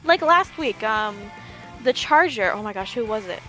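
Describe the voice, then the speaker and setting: A woman's voice: a little high, animated, moderate pace, sharp tone, soft background music. Playful young woman esports commentator. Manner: playful, mock-outraged, rambling tangents. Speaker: tournament commentator. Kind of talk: live esports commentary with banter.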